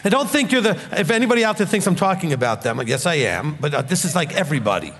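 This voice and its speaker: Man, 50s, blunt scolding preacher, high lively voice, long hall reverb. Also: quick pace. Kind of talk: sermon.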